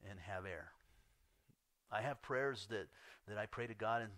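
A male pastor preaching a sermon in an earnest way, swinging between loud emphasis and hushed asides. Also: on the low side, dry recording.

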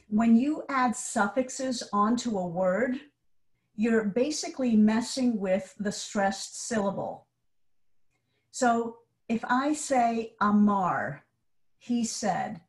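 Woman, Hebrew teacher in a video lecture, unhurried and clear. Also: fairly high pitch. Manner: patient, explains step by step. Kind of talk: online class lecture.

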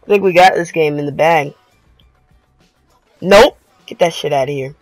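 A young man giving live, excitable commentary on his own basketball video game match, full of slangy trash talk. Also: a little high, normal speed, no echo, faint music behind, poor audio. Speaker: gaming video creator.

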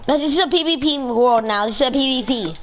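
A woman's voice: high-pitched, fairly quick, slight background noise. A woman hosting a game server, chatting casually over voice chat and sternly ordering other players around.

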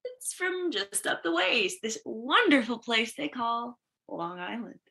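A woman's voice: fairly high pitch, expressive, unhurried, gravelly, bright, forceful tone, full character voice. An actress playing a drunk, giddy young Southern college woman with a Georgia accent, slurring and combative in a livestreamed stage play. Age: young adult.

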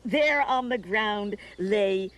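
A woman's voice: mid-range voice, drawn-out words, a bit bright. A woman who hosts a children's television show, telling a story to young viewers and teaching them a dance in a playful, sing-song way.

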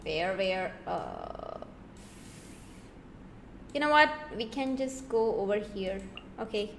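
A young woman streaming a game, chatting casually with playful, teasing, excitable exclamations. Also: mid-range voice, takes it slowly, creaky, echoey room, slight background noise, rough recording. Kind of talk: casual gameplay commentary.

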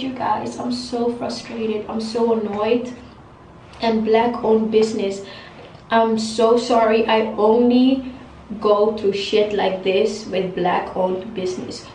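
A young woman with a slightly high voice rants to her viewers, frustrated, circling back over the same complaints and swearing freely. She sits a little back from the mic in a room with a noticeable echo and a faint background hum. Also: dark tone, distant mic. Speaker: hair vlogger. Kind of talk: venting rant to camera. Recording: roomy echo, voice a bit off-mic.

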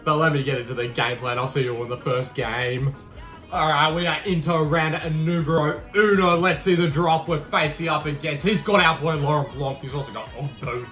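A young man commentating over his own gameplay. He jokes and swears, then his voice shoots up into excited shouting whenever his side attacks. The room rings with a noticeable echo, and soft music plays beneath him. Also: fairly quick. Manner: cheeky, swears, bursts into high shouting over goals. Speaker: gaming YouTuber. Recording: roomy echo with faint music.

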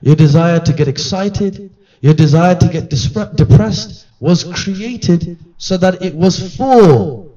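A man's voice: high-pitched, expressive, takes it slowly, dark tone. Earnest male preacher, distant and muffled. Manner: earnest, conversational, acts out quoted voices. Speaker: religious teacher. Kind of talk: sermon-style reminder at a gathering. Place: gathering hall. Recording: distant mic, dull lo-fi sound.

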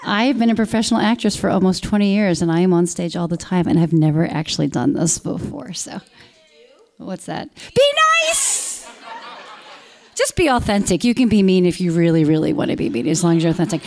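A woman in her forties, an actress telling a personal story live on stage into a handheld mic, animated and bursting into loud quoted lines. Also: fairly low pitch, quick pace, creaky. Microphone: handheld stage microphone.

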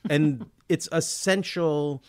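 A man's voice: a little high, slow. A man co-hosting a podcast, talking casually about a film with enthusiasm and frequent laughter. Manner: enthusiastic, laughs often, animated mimicry. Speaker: podcast co-host.

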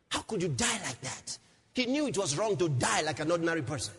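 A man preaching a sermon as pastor, swinging from low murmurs to shouts and repeating phrases for emphasis. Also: very animated, fast talker, slightly rough. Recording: long hall reverb, faint noise.

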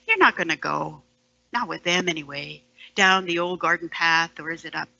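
A woman performing a poem as a storyteller, sardonic and dropping into hushed whispered asides. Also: fairly low pitch, a little slow, dry recording, dull audio. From Canada, Ontario. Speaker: storyteller and poet. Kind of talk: dramatic poetry performance.

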